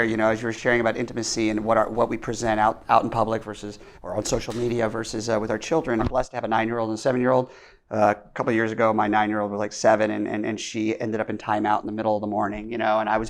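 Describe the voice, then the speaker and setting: Guest, male, quick delivery, lively anecdotes, pokes fun at himself. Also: lowish voice, a little hiss or hum. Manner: fast, energetic, self-deprecating. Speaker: podcast guest, leadership teacher. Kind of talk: animated storytelling in conversation.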